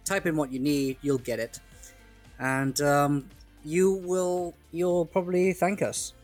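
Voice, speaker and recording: A man's voice: a little high, fairly even intonation, takes it slowly, a little mellow, faint music behind. A man co-hosting a casual podcast, playful and teasing toward his partner. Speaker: podcast co-host.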